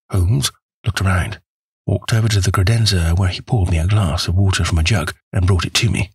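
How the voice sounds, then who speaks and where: Deep husky male audiobook narrator. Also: a little mellow, no room sound. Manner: measured, wry storytelling. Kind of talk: scripted first-person narration.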